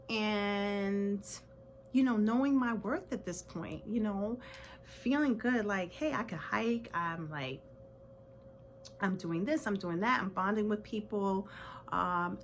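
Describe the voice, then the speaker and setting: Slow, earnest woman in her forties. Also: mid-range voice, a little hiss or hum. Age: 40s. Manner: earnest, reflective, many fillers. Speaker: vlogger. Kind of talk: personal motivational talk to camera.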